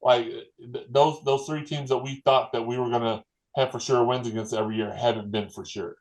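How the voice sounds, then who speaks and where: A man's voice: medium pitch, steady tone, moderate pace, a little mellow, rough recording. A man, a guest fan previewing football in a rambling, folksy, self-correcting way. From Louisville, Kentucky. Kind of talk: casual sports podcast chat.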